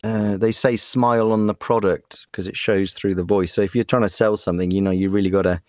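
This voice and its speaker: A man from the West Country of England, a voice actor chatting as a podcast guest in a playful, animated way. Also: on the low side, brisk, dry recording, clean studio sound. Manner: animated, playful, slips into accents. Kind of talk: casual interview chat.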